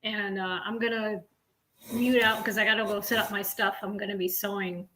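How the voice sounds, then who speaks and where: A woman who joins a livestream by voice and chats quickly and casually. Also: medium pitch, fairly even intonation, bright, forceful tone, a little hiss or hum, poor audio. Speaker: viewer joining the stream by voice. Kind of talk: casual chat.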